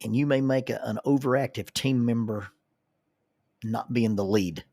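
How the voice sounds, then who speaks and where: A man's voice: mid-range voice, normal speed, mellow, no echo. A man, a counselor and minister, telling stories in a folksy way, often repeating words as he starts a thought. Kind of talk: storytelling monologue.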